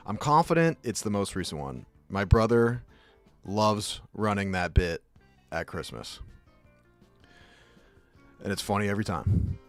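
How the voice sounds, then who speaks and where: A man's voice: lowish voice, lively intonation, a little slow, long pauses, faint music behind. A man streaming and chatting casually, rambling through jokey asides. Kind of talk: casual chat.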